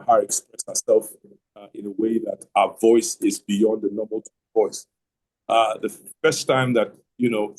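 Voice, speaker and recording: A man's voice: mid-range voice, darkish tone, poor audio. A middle-aged man hosting an online call, telling a long personal story in a rambling way, often repeating words and starting over. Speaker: host telling his marriage story. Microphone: online video call.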